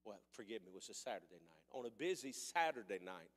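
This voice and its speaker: A man with a Missouri accent preaching a sermon in folksy rural speech, swinging from quiet storytelling to shouted preaching. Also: fairly low pitch, sing-song, quick pace, long reverb tail.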